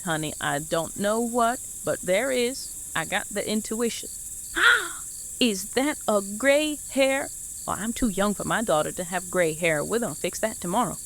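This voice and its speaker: A woman's voice: mid-range voice, lightly acted. A woman playing a doting, gossipy mother in an audio drama. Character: chatty Southern trailer-park mother, nosy and doting.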